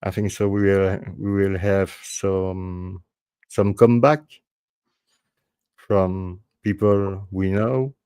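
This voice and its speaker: A man with a French accent, a native French speaker hosting a panel podcast in casual chat, halting and restarting often. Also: deep voice, little pitch movement, a little mellow, smooth, no room sound. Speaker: podcast host.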